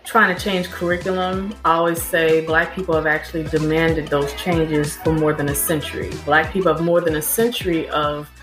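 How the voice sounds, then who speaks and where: A woman's voice: low voice, fairly even intonation, normal speed, hardly any pauses, music in the background. A woman answering interview questions in an emphatic, lecturing way, often listing examples. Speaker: guest. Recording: echoey room.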